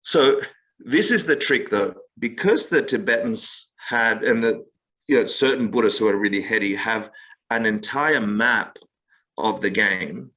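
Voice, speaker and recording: An American meditation teacher, appearing as a guest, discusses spiritual ideas in an animated podcast conversation. He is an expressive storyteller who acts out quick quotes and relies on gaming analogies, speaking in a lowish, bright, forward voice over poor audio.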